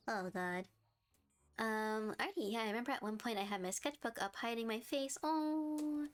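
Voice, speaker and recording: Young woman streamer, higher voice, unhurried, giggly and chatty with her viewers. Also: animated, soft background music. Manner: giggly, chatty, reads chat aloud and reacts warmly. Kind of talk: live game stream commentary.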